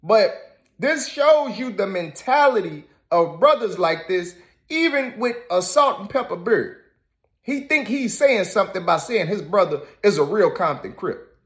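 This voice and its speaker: A man's voice: high voice, animated, measured pace, a bit bright. A man giving reaction commentary, scolding and emphatic, repeating his points. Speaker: commentary host.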